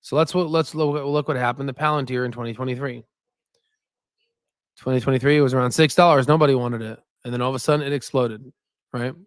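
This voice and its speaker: A stock market channel host keeps a steady tone and a brisk pace, his medium-pitched voice recorded dry at studio quality. Chatting casually and ramblingly about viewer comments on his livestream, he keeps reaching for "right?" as a filler.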